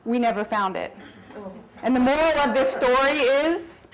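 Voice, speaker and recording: Animated woman telling a story live. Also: high-pitched, moderate pace, crowd noise, rough recording. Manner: animated, laughs often, acts out screams. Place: story slam stage before an audience.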